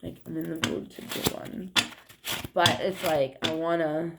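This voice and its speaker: Young woman, low-ish voice, New England accent, rambling swear-heavy vlog chat. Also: flat delivery, measured pace, very noisy. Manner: meandering, heavy on "like" and swearing, frequent laughs. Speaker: vlogger. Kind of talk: rambling casual monologue to camera.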